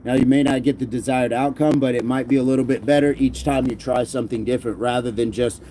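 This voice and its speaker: A man's voice: mid-range voice, fairly even intonation, fast, mellow, slight background noise. A middle-aged man talks casually on a livestream, reading out viewer comments as he goes. His manner is loose and joking, and he keeps dropping into a mock movie-gangster voice for a punchline. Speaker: livestream host.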